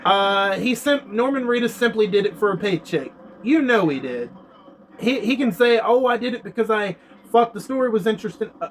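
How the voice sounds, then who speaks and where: Man, high voice, gaming commentary, profane ranting, faint background hiss. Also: fairly bright tone, poor audio. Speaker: gaming YouTuber. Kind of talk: casual gameplay commentary.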